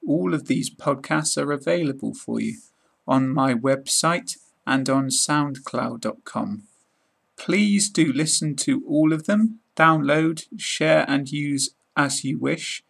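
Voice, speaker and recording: A man with a British accent teaching pronunciation in a podcast lesson, speaking slowly and carefully and saying each word twice. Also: fairly high pitch, vocal fry, fairly bright tone, breathy edge. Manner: slow, careful, deliberate enunciation, each word repeated.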